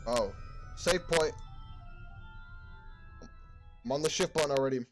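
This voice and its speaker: A man's voice: fairly high pitch, a little fast. A man reading and commenting on a game with casual asides. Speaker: gamer reading a game aloud. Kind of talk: let's play commentary. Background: game music.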